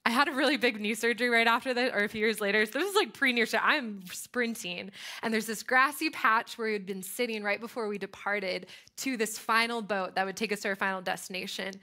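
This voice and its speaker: Young american woman, bright clear voice, chatty sermon storytelling, lots of fillers. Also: fairly high pitch, quick pace. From United States. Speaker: speaker.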